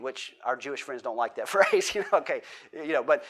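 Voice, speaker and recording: A man's voice: medium pitch, expressive, fairly quick, few pauses, fairly bright tone, husky. A man preaching a conversational Bible-teaching sermon, asking the audience questions and acting out quotes. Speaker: pastor.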